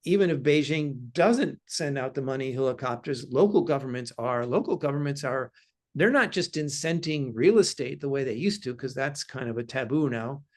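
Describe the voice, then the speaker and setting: A man's voice: medium pitch, normal speed, hardly any pauses. A man speaking as a guest in an interview about markets, analytical and cautious in how he talks. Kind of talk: interview conversation.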